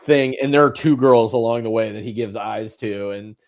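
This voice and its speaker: A man's voice: on the low side, moderate pace. A man co-hosting a casual movie podcast, chatty and jokey, with lots of fillers. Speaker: podcast co-host. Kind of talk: casual movie review chat.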